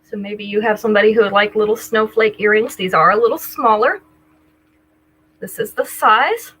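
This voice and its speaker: A woman's voice: medium pitch, normal speed, a bit bright, husky, poor audio. An older woman hosting a live jewelry sale, chatting casually with viewers, greeting them by name and describing each item. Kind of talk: casual live-stream selling chat.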